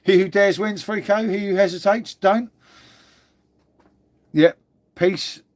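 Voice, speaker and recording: Slowly and in a steady, high-pitched voice, a middle-aged English host chats with his livestream audience as he reads their comments. He's matey throughout, using "mate" frequently, with no room sound.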